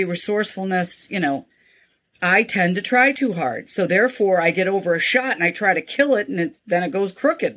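An older woman, a nonprofit founder, speaking as an interview guest and telling frank, animated stories. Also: mid-range voice. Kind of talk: interview storytelling.

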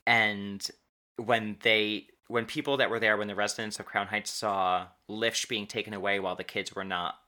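A man with a fairly low but bright, forward voice tells a true story to a co-host. He talks casually, often restarting sentences and drawing out key words for weight. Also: level tone. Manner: halting, restarts and stretched emphasis on key words.

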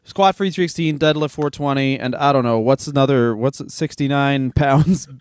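A man's voice: medium pitch, fairly even intonation, moderate pace, clean tone, no echo, studio quality. A young adult man co-hosting a comedy podcast, grumbling and riffing with lots of swearing. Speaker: podcast co-host. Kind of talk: casual comedic chat.

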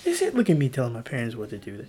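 A man's voice: medium pitch, wildly swooping pitch, racing, mellow, slight background noise. Rambling, self-mocking young man. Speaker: podcast host. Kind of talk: casual solo podcast rambling. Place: room at his family home.

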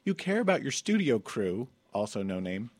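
A man's voice: medium pitch, sing-song, moderate pace, darkish tone. A man hosting a comedy podcast in a studio, campy and playful, laughing often as he reads listener reviews. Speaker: podcast host. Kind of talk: casual comedic chat.

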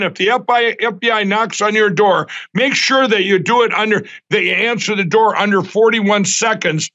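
A middle-aged man, a guest in an interview, recounts an event in an agitated way, acting out the quoted dialogue and restarting often. His voice is high, pushed and bright, and the recording has a lo-fi quality.

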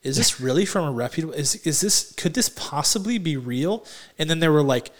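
A man co-hosting a casual movie podcast, excitable and gushing, with many "like"s and restarts. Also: on the high side, brisk. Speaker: podcast co-host.

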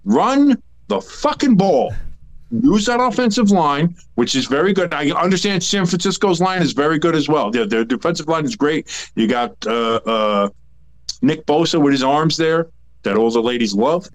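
Rambling, animated male sports podcaster. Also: fairly high pitch, normal speed. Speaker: podcast co-host. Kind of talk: casual sports chat.

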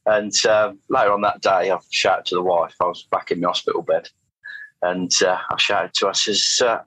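Low-voiced middle-aged man, rambling. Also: steady tone, moderate pace, bright, forceful tone, husky, no room sound, low-quality recording. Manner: rambling, anecdotal, frequent restarts and fillers. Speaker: guest, motorcycle test rider. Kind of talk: casual storytelling interview.

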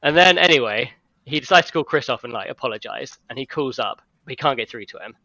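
Casual male storyteller, quick and bright-voiced, dry muffled recording, chatty rambling delivery. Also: mid-range voice, expressive, dry recording. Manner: rambling storytelling, heavy use of "like". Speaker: friend retelling an imagined film plot. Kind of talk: casual chat among friends.

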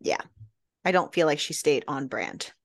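A woman's voice: deep voice, animated, normal speed, vocal fry, dry recording, studio quality. A woman co-hosting a casual book-club podcast, animatedly retelling scenes and acting out the characters' lines. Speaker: podcast co-host.

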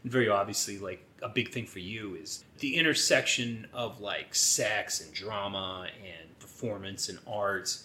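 A man's voice: on the low side, a little slow, few pauses, bright, forceful tone, a little hiss or hum. A man co-hosting a podcast in a casual chat, laid-back, swearing freely and often laughing as he talks. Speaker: podcast co-host.

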